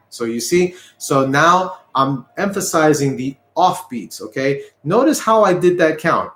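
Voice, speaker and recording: A man's voice: mid-range voice, lively intonation, measured pace, hardly any pauses, fairly bright tone, roomy sound. A man teaching an online guitar lesson, patient and repetitive, counting beats aloud as he explains. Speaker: music teacher. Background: guitar playing.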